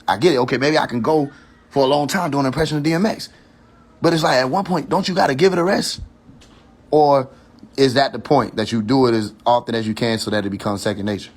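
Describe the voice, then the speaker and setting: A man hosting his own livestream, ranting in a heated, preachy and profane way, repeating his warnings and restarting his sentences as he thinks aloud. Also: mid-range voice. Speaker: livestream host. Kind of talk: casual rant on a social media livestream.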